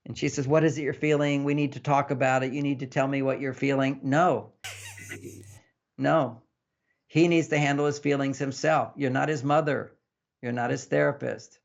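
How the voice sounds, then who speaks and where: A man, a relationship author, explaining in an interview in an animated way and acting out couples' dialogue. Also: mid-range voice, creaky. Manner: animated, acts out couples' dialogue in varied voices. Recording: dull lo-fi sound.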